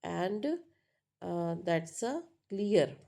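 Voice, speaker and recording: A woman teaching a lesson on word stress, pausing often with fillers and asking "right?" to check understanding. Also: on the low side, gravelly, mellow. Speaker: English teacher. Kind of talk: spoken lecture on pronunciation.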